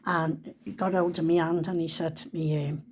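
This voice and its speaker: A woman's voice: low voice, flat delivery, normal speed, darkish tone, a little hiss or hum. A woman, telling a personal story in a chatty, homely way.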